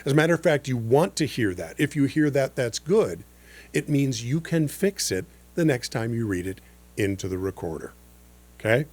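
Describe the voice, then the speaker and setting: A man's voice: mid-range voice, big pitch swings, moderate pace, darkish tone. Easygoing older man coaching voice-over. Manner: easygoing, chatty teaching with frequent fillers. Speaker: voice-over coach and podcast host. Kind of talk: conversational podcast lesson.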